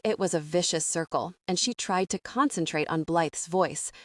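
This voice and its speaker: A woman narrating a novel in a steady, even reading voice. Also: fairly low pitch, moderate pace, dry recording, studio quality. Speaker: audiobook narrator. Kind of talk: scripted audiobook narration.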